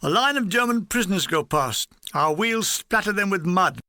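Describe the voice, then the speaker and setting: A man reading his own war memoir aloud in a dry, wry, deadpan manner. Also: high voice, normal speed, no echo. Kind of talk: audiobook reading.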